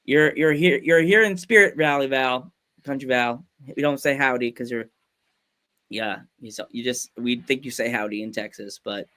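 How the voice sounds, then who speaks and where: A man's voice: medium pitch, bright, forceful tone. A man hosting a podcast in casual, enthusiastic chat, rambling with fillers. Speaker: podcast host.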